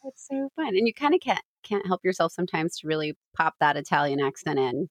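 A woman guest on a podcast, telling stories in a relaxed way. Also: low-pitched, brisk, no echo. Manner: relaxed storytelling. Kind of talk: casual interview chat.

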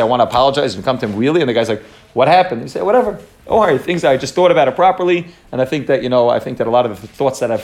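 A young man gives a Torah class at a brisk clip. His talk is lively and quick, full of Hebrew terms, and he often restarts his sentences. His voice sits in a middle pitch. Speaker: Torah teacher.

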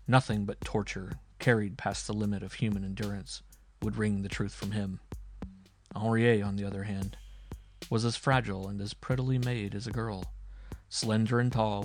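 A man narrating an audiobook in a deliberate, dramatic storytelling manner. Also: on the low side, darkish tone. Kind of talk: audiobook reading.

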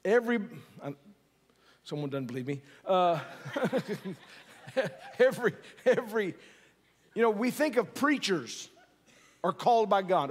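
A man's voice: high-pitched, sing-song, a little slow, long pauses. A middle-aged man preaching a sermon in a conversational, joking way, often asking the audience questions. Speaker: pastor. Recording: long hall reverb.

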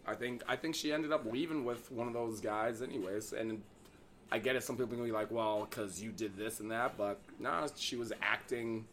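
A man in casual chat, telling his own dating story in a relaxed way. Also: mid-range voice, moderate pace, a little hiss or hum. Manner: relaxed, reactive, trades his own stories.

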